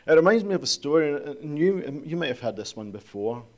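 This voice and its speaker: A man's voice: a little high, very animated, brisk, darkish tone. A male pastor preaching a sermon in a conversational, storytelling way, asking rhetorical questions.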